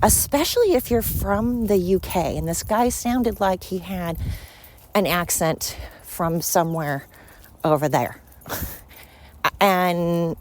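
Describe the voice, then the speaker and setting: A woman's voice: on the low side, slow, a little mellow. Blunt, ranting woman podcast host. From United States. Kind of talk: opinionated solo podcast monologue.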